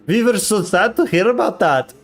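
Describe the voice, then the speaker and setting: A man voicing campy characters from a cheesy horror movie with a mock German accent, pitched up and exaggerated. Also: animated, moderate pace. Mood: cheery. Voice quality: exaggerated, sing-song, high.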